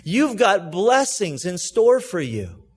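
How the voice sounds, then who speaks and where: A man preaching a sermon as a pastor, explaining scripture earnestly and emphatically, pressing some words loudly and dropping others to a hush. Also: sits high, very animated, slow, breathy edge. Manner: earnest, emphatic, swings between loud stresses and hushed asides; explains and reads scripture aloud to a congregation.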